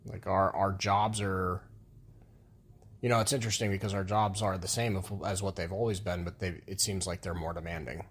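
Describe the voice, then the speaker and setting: A man with a low, husky voice co-hosts a casual couple's podcast, speaking at normal speed with fairly even intonation. He's frank and rambling and swears now and then.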